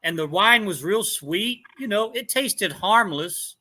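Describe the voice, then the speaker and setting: A man's voice: sits high, takes it slowly. A middle-aged man telling stories in a casual chat, laughing often as he talks. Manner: laughs often, animated storyteller. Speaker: guest in a chat.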